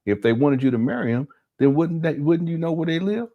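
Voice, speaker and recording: A man's voice: fairly high pitch, animated, fairly quick, narrow, tinny audio. A man commenting on video clips, sounding exasperated and critical. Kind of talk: reaction commentary over clips.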